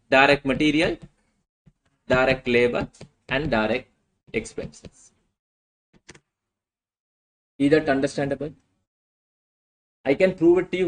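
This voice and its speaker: A man's voice: on the high side, rough recording. A male lecturer teaching a class, often asking "what?" and answering himself. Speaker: accounting lecturer.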